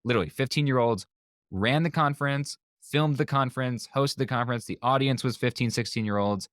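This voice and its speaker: A man telling a story as a guest on a podcast interview, animated and lively, acting out the people he quotes. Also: medium pitch, a little fast, no echo, clean studio sound. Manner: lively storyteller who acts out quoted voices. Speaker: guest, magician and speaker.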